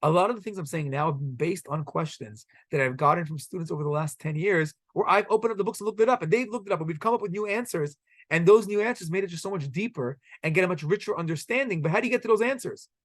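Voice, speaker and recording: A man teaching a Torah class to a room of students, animated and firing rhetorical questions at them. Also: high-pitched, quick pace, no room sound. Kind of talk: classroom lesson.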